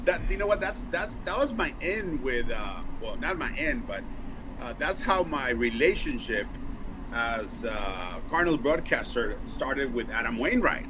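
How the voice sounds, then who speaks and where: In a casual interview, a Mexican man in his 40s, a baseball broadcaster, tells animated stories, acting out the quotes and quickly restarting his sentences. He speaks at medium pitch over a noisy background.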